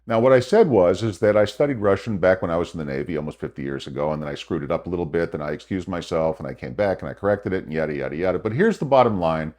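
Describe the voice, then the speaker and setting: A man's voice: deep voice, animated, quick pace, few pauses, darkish tone. An older American man hosting his own small podcast, talking in a chatty, wry monologue and correcting himself as he goes. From United States. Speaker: podcast host. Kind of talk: casual commentary monologue. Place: home setting in Phoenix.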